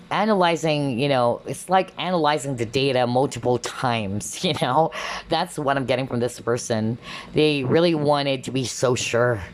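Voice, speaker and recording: A woman's voice: very deep voice, a little hiss or hum. A woman giving a chatty collective tarot reading, exclaiming often and filling her talk with fillers. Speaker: tarot reader.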